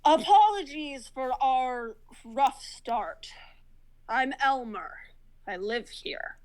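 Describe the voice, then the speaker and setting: A weary, guarded cat-creature of a man who sighs before he speaks, as a woman puts him on. The voice is high and light. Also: lively intonation, takes it slowly, a little mellow. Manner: sighing, guarded, apologetic. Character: weary male Ettercat, gruff cursed homeowner.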